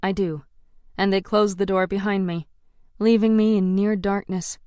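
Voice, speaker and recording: A woman's voice: mid-range voice, steady tone, normal speed, warm tone, smooth, no room sound. A woman reading a first-person audiobook with tense, dramatic delivery. Her voice sits in a middle range. The recording is dry and close. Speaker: audiobook narrator.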